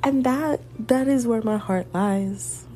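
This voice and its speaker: A woman's voice: on the high side, takes it slowly, very noisy. Rambling Southern woman in her twenties. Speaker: podcaster. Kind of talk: casual solo chat.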